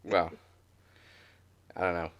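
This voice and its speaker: A man's voice: low-pitched, level tone, slow pace, a bit bright, dry recording, lo-fi sound. A man co-hosting a wrestling podcast in an easygoing, offhand way, chuckling often. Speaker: podcast co-host. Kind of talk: casual podcast banter.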